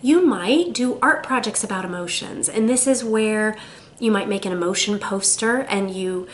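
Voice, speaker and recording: A woman of middle pitch gives a calm, measured talk on parenting, like an expert teaching to camera. She slows down to stress the example phrases she offers parents. A faint hiss sits under her voice. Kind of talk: scripted educational talk to camera.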